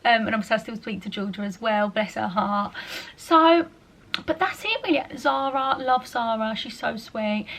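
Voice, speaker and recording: A woman's voice: on the high side, lively intonation, moderate pace, a bit bright. A young woman, answering viewer questions in a casual, chatty vlog and often slipping in "like" and "you know". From England. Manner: chatty, fillers like "like" and "you know", quoted asides in other voices. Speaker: vlogger.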